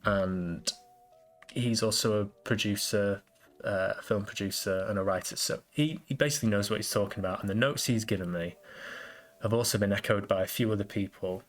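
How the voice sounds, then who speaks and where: Rambling low-voiced man hosting a podcast. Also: moderate pace. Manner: rambling, self-deprecating, restarts often. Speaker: podcast host. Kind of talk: casual solo podcast chat.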